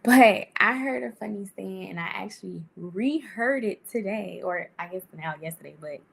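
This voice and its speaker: A woman vlogger talking casually to camera with life advice, chatty and animated, laughing often and jumping up in pitch. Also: moderate pace, gravelly, a little hiss or hum. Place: indoor room.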